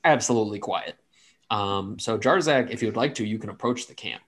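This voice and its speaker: A man's voice: lowish voice, fairly quick, a bit bright. A man narrating a tabletop game as game master in a casual, rambling way with many fillers.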